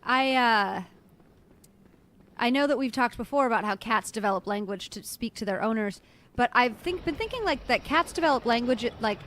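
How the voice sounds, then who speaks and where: Giggly, high-pitched young woman. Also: moderate pace, slight background noise. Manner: giggly and animated. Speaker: co-host. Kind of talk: casual gameplay chat.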